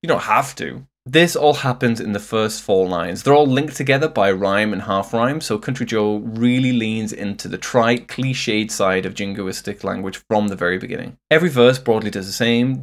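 A man narrating a scripted video essay on song lyrics, analytical and wry, with casual asides to the viewer. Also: mid-range voice. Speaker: music commentator.

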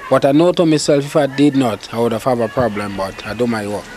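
Man, calypso singer guest, mid-pitched, easygoing and unhurried. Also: steady tone, darkish tone, a faint crowd, slight background noise. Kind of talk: casual interview answers.

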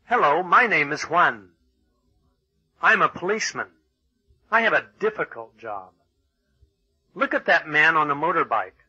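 A man reading English textbook exercises and passages in a measured, announcing way. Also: on the high side, big pitch swings, bright, forceful tone, breathy edge, no echo, highs cut off. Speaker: textbook audio reader. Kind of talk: scripted textbook narration.

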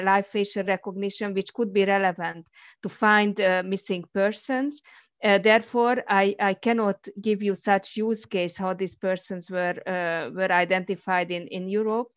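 A woman speaks as an on a conference panel, choosing her words carefully and pausing on frequent fillers. Her voice sits in an ordinary middle pitch. The sound is dry and a little muffled, as on a video call. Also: dry recording. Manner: careful, hesitant, many fillers.

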